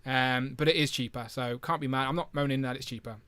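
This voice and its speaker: A man's voice: mid-range voice, fairly even intonation, quick pace, pushed and bright, smooth, dry recording. A young man hosting a casual live stream, chatty and jokey, reading out viewer comments.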